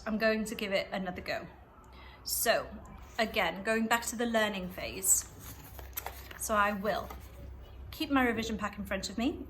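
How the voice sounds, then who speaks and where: A woman's voice: medium pitch, a bit bright. Patient woman teacher, faint background hiss. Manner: clear, patient, instructive, repeating phrases slowly. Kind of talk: revision lesson walkthrough.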